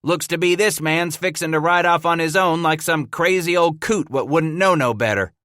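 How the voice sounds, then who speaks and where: A man's voice: on the high side, normal speed, a bit bright, no echo, clean studio sound, voice pushed up, lightly acted. A man voicing a mocking young male greenhorn who jeers in rowdy backwoods talk, in a storybook reading. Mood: jeering.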